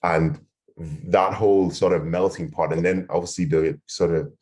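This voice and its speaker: Man, extremely deep, flat delivery, rambling panel chat. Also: moderate pace. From Ireland. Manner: enthusiastic, rambling, many fillers. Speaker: podcast host and panelist. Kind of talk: casual panel discussion.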